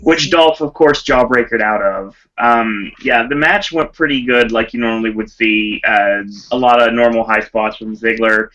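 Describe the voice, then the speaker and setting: A man's voice: medium pitch, normal speed, hardly any pauses, fairly bright tone, poor audio. A man hosting a casual podcast, recapping a match blow by blow and laughing easily. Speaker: podcast host.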